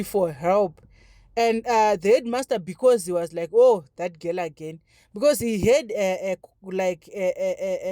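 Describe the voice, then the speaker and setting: Woman, 30s, casual storytime vlog, animated with fillers, mellow tone. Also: medium pitch, dry recording, clean studio sound. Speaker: vlogger. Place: home, braiding her daughter's hair.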